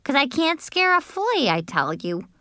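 A loud, bossy little girl of about six screeches and hollers with a wildly swinging, high voice, as a woman puts her on. Her brash storybook voice is bright and crisp. It is recorded close up and dry. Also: big pitch swings, a little slow, no room sound, heavily acted. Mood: glum. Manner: loud, shrieking, exaggerated. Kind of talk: audiobook character voice.

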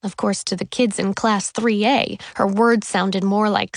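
A woman reading a children's storybook aloud, slow and expressive, putting on voices for the characters. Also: mid-range voice, no room sound, studio quality. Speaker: audiobook narrator. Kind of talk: storybook narration.

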